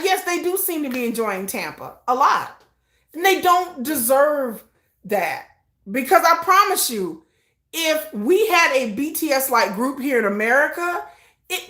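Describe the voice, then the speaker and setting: Livestream host, woman from Texas; bright high voice in a roomy space, animated, chats with viewers. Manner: animated, talks to chat viewers, drawls into casual slang. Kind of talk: casual livestream chat.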